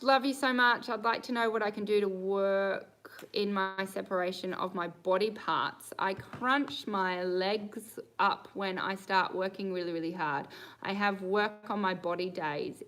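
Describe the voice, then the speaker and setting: A woman's voice: mid-range voice, a little slow, bright, forceful tone, rough recording. An Australian woman, a riding coach, answering viewer questions on a live stream in a bubbly, upbeat way and laughing often.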